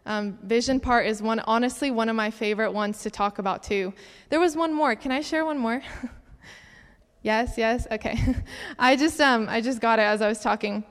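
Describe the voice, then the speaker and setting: Young woman, animated church testimony, slightly high voice, long hall reverb. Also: moderate pace. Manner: animated storytelling with laughs. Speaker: speaker at a church gathering. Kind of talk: personal testimony talk.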